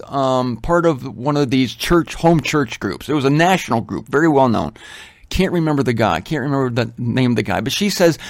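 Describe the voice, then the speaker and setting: Man, middle-aged, informal sermon, emphatic slow stresses, raised pitch, dry mic. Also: dry recording. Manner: emphatic, slows down to stress points, conversational asides. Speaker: Bible teacher.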